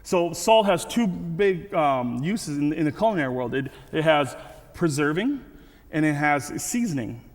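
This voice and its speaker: A man's voice: a little high, lively intonation, measured pace. A man giving a casual, conversational sermon with frequent restarts and asides. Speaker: guest speaker. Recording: reverberant hall.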